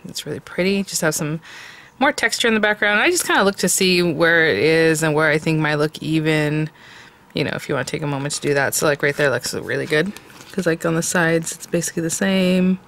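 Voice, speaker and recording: A woman's voice: deep voice, brisk, gravelly. A woman hosting a casual craft tutorial, chatting about each little piece as she shows it. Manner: chatty, warm-hearted, calls pieces "little guy". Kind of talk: casual product demo.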